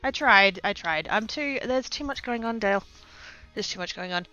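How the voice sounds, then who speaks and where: A woman's voice: medium pitch, moderate pace, sharp tone, dry recording, lo-fi sound, soft background music. A woman with an Australian accent chatting casually on a live stream, rambling, laughing often and swearing casually.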